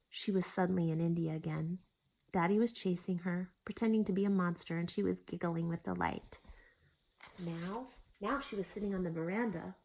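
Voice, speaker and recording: A woman reading a children's novel aloud, expressive, with soft hushed asides. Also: medium pitch, creaky. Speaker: storyteller. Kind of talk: storybook reading.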